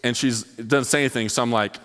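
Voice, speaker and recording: A young man preaches at a middle pitch. He tells his story casually and loosely, with plenty of fillers. His voice carries a long reverb from a large hall. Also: steady tone, a little fast, a bit bright. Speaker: college ministry speaker. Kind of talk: sermon.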